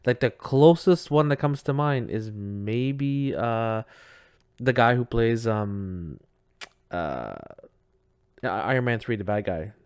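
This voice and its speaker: A man's voice: medium pitch, slow pace, clear, resonant tone, no room sound, clean studio sound. Easygoing man in movie chat. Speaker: podcast co-host.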